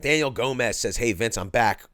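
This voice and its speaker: Philly-raised male host, casual and slangy, mid-pitched, dry close mic. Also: moderate pace, a bit bright, no room sound. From Philadelphia, USA. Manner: laid-back, slangy, says "cuz" and "yo". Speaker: host reading live chat. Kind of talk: casual livestream chat.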